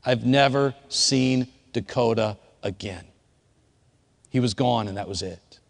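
A man who is a youth pastor, preaching a sermon through a personal story, dropping low and quiet at times and rising to loud shouted quotes. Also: slow, creaky, long reverb tail.

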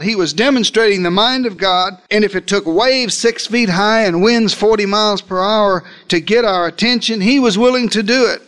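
Male preacher, high voice, dramatic pulpit delivery with slowed quoted lines. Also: gravelly, fairly bright tone. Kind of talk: sermon.

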